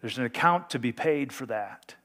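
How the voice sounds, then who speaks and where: A man's voice: mid-range voice, animated, moderate pace, a bit bright. Earnest man preaching a sermon. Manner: earnest, emphatic, reads scripture aloud. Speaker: pastor.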